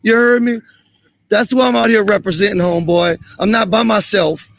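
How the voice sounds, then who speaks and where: A man confronting police on a street, angry and profane, repeating himself and shouting at times. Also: high voice, steady tone, normal speed, gravelly, no room sound.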